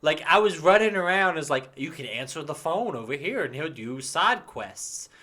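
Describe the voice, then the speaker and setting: Bright, animated man in his thirties. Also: fairly high pitch, moderate pace. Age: 30s. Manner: animated, swearing, laughing storyteller. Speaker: podcast co-host. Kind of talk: casual chat.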